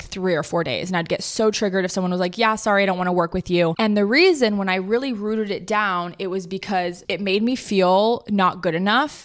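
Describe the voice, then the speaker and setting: A woman in the middle of her own solo podcast, chatting as a coach. Her pitch sits right in the middle. She talks loosely, full of filler words, and swears now and then. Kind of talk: casual solo podcast talk.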